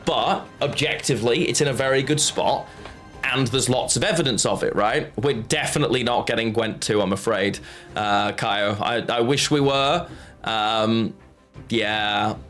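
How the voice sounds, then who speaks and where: A man's voice: medium pitch, unhurried, a bit bright, faint music behind. A man chatting casually on a live stream while playing a card game, rambling and answering his chat.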